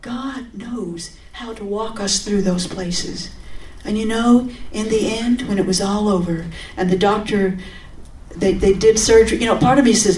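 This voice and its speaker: A woman giving a personal testimony in a sermon, earnest and conversational with sudden animated outbursts. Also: medium pitch, measured pace, a little hiss or hum. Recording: roomy, from a distance.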